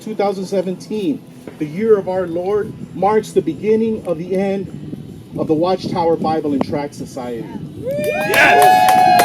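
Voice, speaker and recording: A man giving a preacherly speech to a crowd at an outdoor rally, building up to loud calls to act. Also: sits high. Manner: preacherly, rising to loud exhortation. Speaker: speaker at a protest rally. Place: outdoors at a street gathering. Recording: noisy outdoor ambience, passing vehicles.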